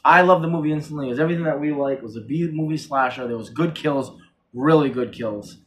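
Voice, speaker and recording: In a casual chat, a man reviews a horror film, excitedly retelling the plot with many restarts and corrections. He speaks fast at a medium pitch.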